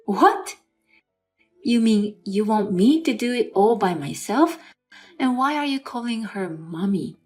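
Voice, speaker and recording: A woman's voice: medium pitch, a little slow, darkish tone, faint music behind, lightly acted. A woman voicing a young wife in a dramatized story, incredulous and sarcastic toward her husband. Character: young wife with an injured arm, exasperated.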